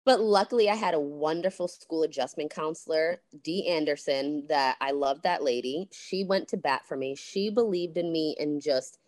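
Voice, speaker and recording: A woman's voice: sits low, moderate pace, few pauses, darkish tone, no room sound. A woman therapist, a podcast guest, recounting her past frankly and animatedly, swearing freely. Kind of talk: candid storytelling interview.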